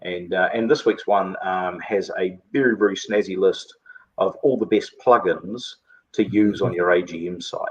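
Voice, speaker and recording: A man's voice: low voice, normal speed, lo-fi sound. A man hosting a casual online webinar chat, rambling along with lots of filler words. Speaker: host.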